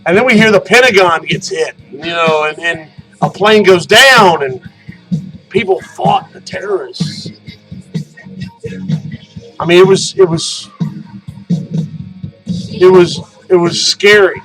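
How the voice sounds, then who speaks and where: A middle-aged man with a high-pitched voice tells a long, rambling story as he hosts his own podcast. He swears freely and breaks into loud outbursts. Faint music plays underneath. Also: slow, long pauses, low-quality recording. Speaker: podcast host. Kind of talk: casual monologue podcast.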